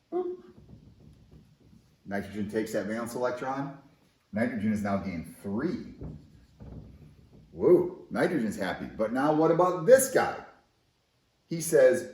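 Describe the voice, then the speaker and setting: A man teaching chemistry in a lively, conversational, enthusiastic way, in a recorded classroom lesson. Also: fairly low pitch, normal speed, reverberant, low-quality recording.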